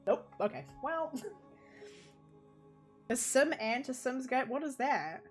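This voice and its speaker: A woman with a New Zealand accent chats through a live stream, rambling freely and laughing often. Her voice sits slightly high and is picked up by a desk microphone. Faint game music plays under her talk. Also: expressive, slow pace. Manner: rambling and chatty, laughs often, talks to chat and her pets. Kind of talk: casual live-stream chatter while playing.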